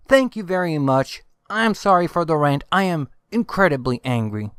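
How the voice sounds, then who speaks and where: A furious man rants to his audience, pressing the same calls to action again and again. His voice sits a little high and comes through smooth and clear. The recording is dry and close, with no room sound. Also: lively intonation, normal speed, hardly any pauses, fairly bright tone, dry recording. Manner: emphatic, exhorting, repeats calls to action. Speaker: channel host. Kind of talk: angry political rant to camera.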